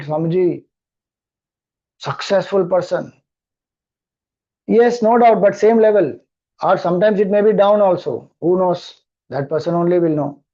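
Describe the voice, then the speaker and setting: A man's voice: a little high, mellow, highs cut off. A man with an Indian accent, a spiritual teacher explaining scripture, who keeps repeating verses and asking rhetorical questions. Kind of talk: scripture discourse.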